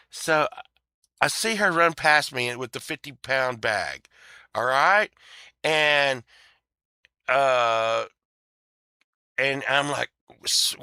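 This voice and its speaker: A man's voice: on the high side, sharp tone, smooth, no room sound, studio quality. A middle-aged man telling a rambling, profane story in a casual way, often laughing and trailing off.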